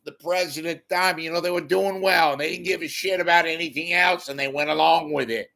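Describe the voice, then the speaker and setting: A man impersonating a blunt, profane male political strategist who rants in shouting bursts. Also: a little high, fairly even intonation, a little fast, vocal fry, pitched above the performer's own voice. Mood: blunt ranting.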